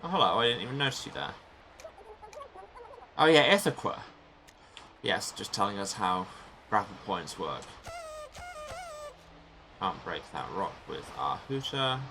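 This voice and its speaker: A man's voice: on the low side, sing-song, unhurried, long pauses, bright, forceful tone, slight background noise. A man hosting a let's play, giving chatty, self-mocking gaming commentary from a small sealed room and muttering to himself as he plays.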